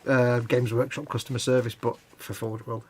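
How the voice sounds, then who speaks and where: A man's voice: mid-range voice, flat delivery, moderate pace, a little mellow, husky. Rambling man on a live stream. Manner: rambling and explanatory, with hedges and restarts. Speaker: co-host of a live hobby stream. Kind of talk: casual chat.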